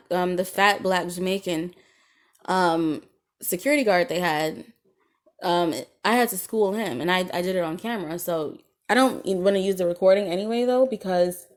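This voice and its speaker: A woman's voice: on the low side, darkish tone. A woman podcaster delivering a casual solo monologue, an indignant, rambling rant full of ums and swearing.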